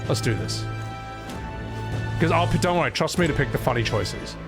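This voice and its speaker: Brief: young male streamer, lively rambling commentary, curses freely, game music playing underneath. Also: a little high, normal speed. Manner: chatty, swearing, talks to chat. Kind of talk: let's-play commentary.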